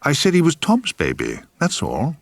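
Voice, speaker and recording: A gentle young mother, soft and light in manner, voiced by a man reading his memoir. Her words come slightly shaky. The recording is dry and close. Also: fairly low pitch, huge pitch swings, measured pace, creaky, husky, no echo, exaggerated voice.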